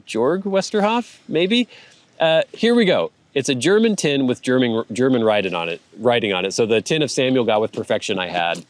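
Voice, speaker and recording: A man's voice: lowish voice, dry recording. A man hosting a casual show, reading viewer comments aloud and chatting about them in a rambling way with frequent laughs. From United States. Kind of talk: casual chat.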